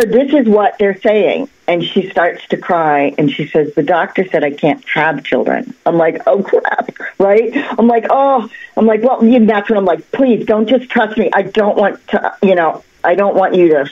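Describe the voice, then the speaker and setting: A woman who works as a psychic, telling a story on a cable access talk show in an animated, chatty way with lots of fillers and restarts. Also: fairly low pitch, normal speed, hardly any pauses, phone-quality sound. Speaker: psychic guest. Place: local access TV studio.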